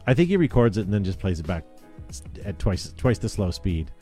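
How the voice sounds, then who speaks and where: A man's voice: on the low side, sing-song, brisk, mellow, faint music behind. A man hosting a casual chat show, talking in an upbeat, rambling way with plenty of fillers. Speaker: podcast host.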